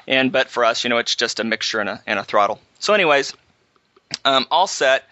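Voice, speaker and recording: A man hosting a casual chat, telling a halting, animated story about flying. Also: mid-range voice, no room sound. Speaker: podcast host, pilot. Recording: slightly dull, dry audio.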